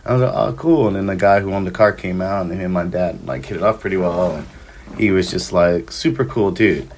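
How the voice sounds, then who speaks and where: A man in his thirties, guesting on a podcast, tells travel stories in casual chat, rambling with lots of ums and likes and acting out dialogue. His deep voice is fairly quick and darkish in tone, with a little hiss or hum.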